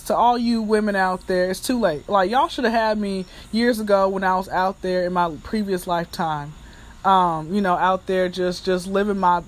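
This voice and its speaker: A woman hosting a candid solo podcast, telling frank stories with laughs and talking straight to her listeners. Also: mid-range voice. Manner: chatty and animated, addressing listeners as y'all. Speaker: podcast host.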